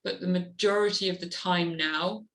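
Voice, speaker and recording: A woman's voice: fairly low pitch, normal speed, low-quality recording. Earnest woman guest talking openly. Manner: earnest, animated when acting out her inner voice. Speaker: guest, adventure motorcyclist. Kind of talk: candid interview talk.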